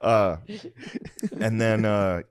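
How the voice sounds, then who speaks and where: A man's voice: on the low side, very slow, crowd noise. A young man, a comedian and podcast host, telling stories casually and acting out his family's voices. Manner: animated, acts out family members' voices. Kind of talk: casual storytelling.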